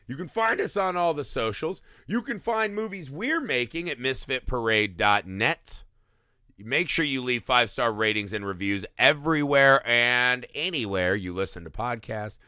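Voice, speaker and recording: Lively, bright-voiced male podcast host. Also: medium pitch, smooth, no room sound, clean studio sound. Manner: lively, swearing, laughing often. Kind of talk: casual podcast chat.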